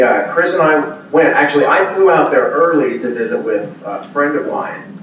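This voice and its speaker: A man on a convention panel spins animated stories, acting out the exclamations of the people in them. His voice comes from a distance in a big, echoey hall. A faint hum of ambience sits underneath. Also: mid-range voice, muffled recording. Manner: animated storyteller, acts out quoted exclamations. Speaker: voice actor guest at a convention panel. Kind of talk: casual storytelling Q&A. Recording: echoey hall audio from far off.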